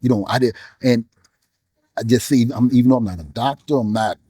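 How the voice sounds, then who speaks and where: Speaking as a guest musician and bishop, a grieving man gives emotional interview talk about his loss, earnest and preacherly, repeating himself and pausing while he hunts for words. The voice is warm and mellow yet husky, at medium pitch. The recording is dry and close.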